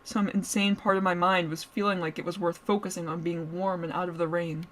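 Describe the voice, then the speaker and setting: A woman on stream reads a story aloud in a low-side voice, a little fast and flat in delivery. She still laughs and giggles playfully, breaking away to banter with her chat.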